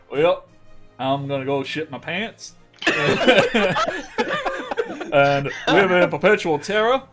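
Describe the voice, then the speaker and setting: A man's voice: high voice, sing-song, very slow, pauses often, a bit bright, faint music behind. A man running a tabletop game, joking, laughing often and thinking aloud. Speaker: game master. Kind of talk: casual tabletop game narration.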